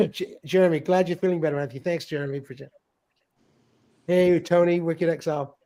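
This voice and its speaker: A man's voice: fairly high pitch, fairly even intonation, a little fast, darkish tone. A middle-aged man hosting a livestream in a casual chat, reading viewer comments aloud, laughing often and tripping over his words. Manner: chatty, laughs often, stumbles and repeats words. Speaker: livestream host.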